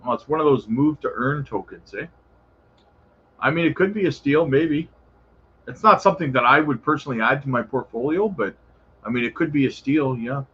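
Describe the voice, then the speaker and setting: A man's voice: medium pitch, moderate pace, fairly bright tone, breathy edge, dull audio. A man hosting a casual crypto livestream, answering viewer questions in a laid-back, chummy way and calling viewers brother. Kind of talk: casual live chat reading viewer questions.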